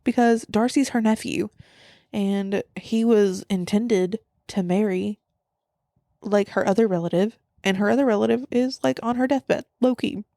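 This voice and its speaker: A young woman podcast host casually recapping a film, animated, acting out quotes and laughing often. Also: mid-range voice, a little slow, gravelly, no echo, studio quality.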